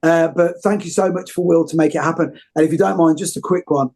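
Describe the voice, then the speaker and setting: A man's voice: on the high side, fairly even intonation, fast talker, darkish tone. A man hosting an interview, talking effusively and rambling with many restarts. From United Kingdom. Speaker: host. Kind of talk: casual interview chat.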